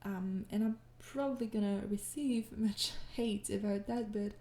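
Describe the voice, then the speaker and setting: A tired young woman answering viewer questions in a casual chat, soft-spoken and hesitant, with many pauses and shy laughs. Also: mid-range voice, fairly even intonation, reverberant.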